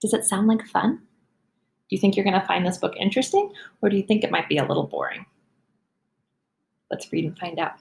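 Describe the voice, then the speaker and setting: A woman teacher explaining how to run a read-aloud, then reading a silly picture-free book to children with playful, animated delivery. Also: mid-range voice, brisk, vocal fry, long pauses. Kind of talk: instructional talk and expressive read-aloud.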